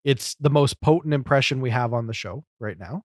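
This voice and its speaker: A man's voice: medium pitch, brisk, dry recording. A man co-hosting a podcast, musing through an episode review with lots of "you know"s. His voice sits mid-range and the recording is dry, with no room sound. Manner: talkative, analytical, many fillers. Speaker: podcast co-host. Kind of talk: casual chat reviewing a comedy show.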